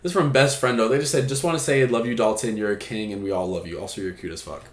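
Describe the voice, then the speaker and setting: A man's voice: fairly low pitch, fast. A man hosting an advice stream, with a chatty, joking manner and casual swearing. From Puerto Rico. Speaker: stream host. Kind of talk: casual chat. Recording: echoey room.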